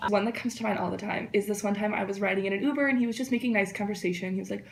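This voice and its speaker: Fast-talking young woman telling a story. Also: mid-range voice, creaky, background noise. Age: 20s. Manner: quick, lively, casual storytelling with many "like"s. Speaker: neuroscience student. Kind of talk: recounting a personal story in an interview.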